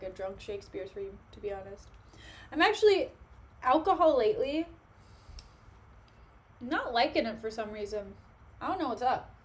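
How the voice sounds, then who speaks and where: A woman's voice: on the high side, slight background noise. A young woman chatting casually with her live-stream viewers from home, joking and snacking between remarks. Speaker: livestreamer. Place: at home, sitting on the floor.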